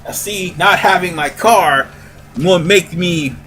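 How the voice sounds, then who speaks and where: Man, casual let's-play commentary, rambling, self-correcting, bright tense voice. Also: high-pitched, takes it slowly. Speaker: gaming video host.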